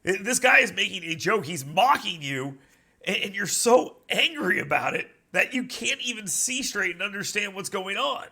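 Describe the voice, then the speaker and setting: A male talk show host whose commentary drips with sarcasm. His voice is gravelly and bright, a little higher than most men's, and he mocks what he reacts to. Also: big pitch swings, moderate pace. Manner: sarcastic, mocking. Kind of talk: opinion commentary.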